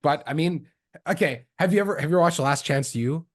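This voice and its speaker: A young man from Canada, a podcast guest, chats casually and tells stories in slang while imitating the people he quotes. His voice is fairly high and he talks fast.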